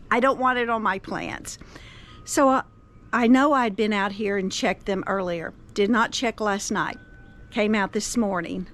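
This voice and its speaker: A woman, chatting casually to camera outdoors in her garden and telling a story with plenty of filler words. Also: mid-range voice. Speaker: gardening vlogger.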